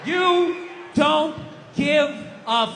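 Very high-pitched yelling comedian man. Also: drawn-out words, creaky, crowd noise, noisy background. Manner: yelling, profane, exasperated ranting. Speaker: stand-up comedian. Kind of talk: stand-up comedy rant.

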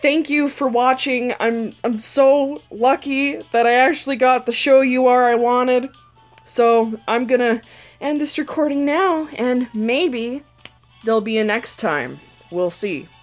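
Young woman w a high voice, slow easy talk, pleading w her game cards, bit of game music in back. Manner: emotional, talks to herself and the game characters. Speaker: gaming channel host. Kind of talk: casual gacha-pull commentary. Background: faint game music.

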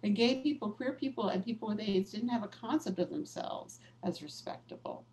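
A woman's voice: mid-range voice, moderate pace, a little mellow, slight background noise, rough recording. A woman author and activist, the guest in a conversational interview, telling stories in a candid, reflective way with casual fillers.

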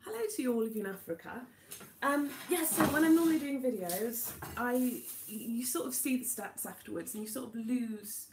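Young woman from Wales, fast and chatty live-streamer, bit high, tablet mic in an echoey kitchen. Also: noisy background. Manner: quick, chatty, reading out viewer names. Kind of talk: casual live-stream chat. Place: home kitchen while cooking. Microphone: tablet camera.

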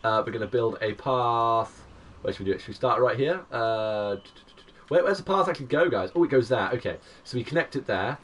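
A man in his twenties streaming a game live, excitable and chatty, greeting viewers by name. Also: mid-range voice, a little fast, far from the mic. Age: 20s. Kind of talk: live gaming stream commentary.

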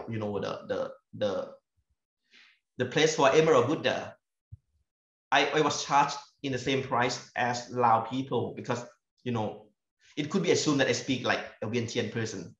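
A man with a Thai accent, from northeastern Thailand, giving an academic talk about his fieldwork as a university lecturer, halting and repeating words as he searches for phrasing. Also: medium pitch, fairly bright tone. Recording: echoey, dull lo-fi room recording.

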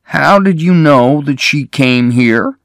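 A steady middle-aged sheriff asks his questions one by one, as a male narrator voices him. The pace is slow and measured, the pitch moves a lot, and the recording is dry. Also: creaky, no room sound, exaggerated voice. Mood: questioning.

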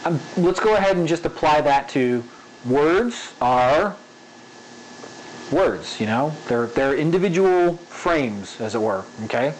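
Male animation instructor, relaxed and conversational, slightly high voice, light background hiss. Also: slow, low-quality recording. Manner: conversational, frequent "okay?" checks, repeats example sentence with varied emphasis. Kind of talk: casual spoken tutorial.

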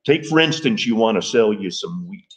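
A man voicing a slow, solemn old rancher in a literary reading, speaking in folksy rural grammar. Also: fairly low pitch, expressive, breathy edge.

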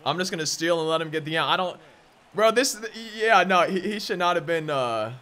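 A young man hosts a gaming channel with excited, chatty gameplay commentary. His voice sits high and sounds bright and forward. He often repeats his words and breaks into loud exclamations. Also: fairly quick, clean tone. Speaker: gaming YouTuber.

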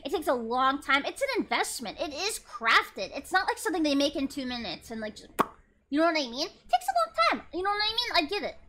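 Excitable young woman streamer, very high and bright voice, lively casual reaction chatter. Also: fairly quick, noisy background. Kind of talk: casual chat.

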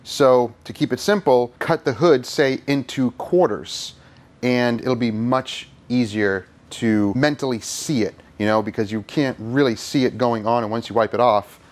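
A man with a mid-range voice walks through a detailing job in a relaxed, plain-spoken way. He explains each step calmly and jokes around now and then. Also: medium pitch, a little slow. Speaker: car detailer and channel host. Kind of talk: hands-on instructional commentary.

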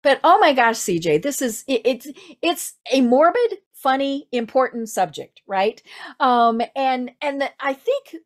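A woman's voice: high-pitched, animated, a little slow. A woman with a Midwestern American accent hosting an interview in a chatty way, full of fillers and restarts. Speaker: podcast host. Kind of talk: casual interview chat.

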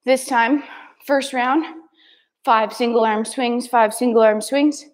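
A woman instructor talks a class through kettlebell moves, counting reps and naming each step in short, brisk cues. Her voice sits a little high, and she takes her time between phrases. Now and then she is out of breath from the workout. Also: steady tone, rough recording. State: out of breath at times. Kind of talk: live workout class cueing.

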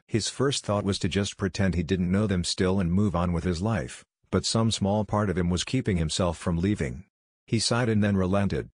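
A man narrating a fan fiction story in a steady, even reading voice. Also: sits low, no room sound, clean studio sound.

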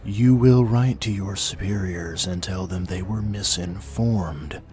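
A man voicing an unseen clawed intruder who whispers slow, soft threats. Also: low-pitched, soft background music. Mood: menacing.

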